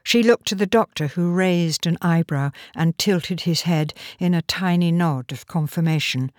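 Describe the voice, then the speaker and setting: A woman narrating a storybook reading with expressive, animated delivery. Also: on the low side, normal speed, no echo, clean studio sound.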